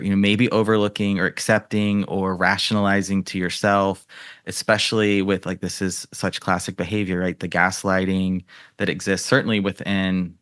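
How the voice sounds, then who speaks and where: A man's voice: fairly low pitch, a bit bright, clear, resonant tone, no room sound, studio quality. A man hosting a podcast interview, asking long, rambling questions with lots of fillers. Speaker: podcast host. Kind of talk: casual interview chat.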